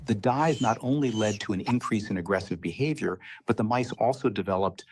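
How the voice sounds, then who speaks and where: A man's voice: lowish voice, brisk, a little mellow, breathy edge, soft background music. A man voicing a mock scientist reading out a study in a comedy news bit. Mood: deadpan.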